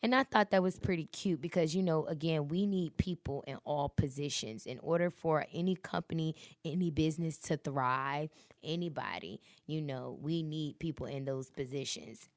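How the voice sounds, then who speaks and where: Woman podcast host, 30s, low and smooth, blunt profane rants and pep talk. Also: measured pace, no echo, studio quality. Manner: profane, blunt, preachy and motivational. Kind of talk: casual solo podcast rant.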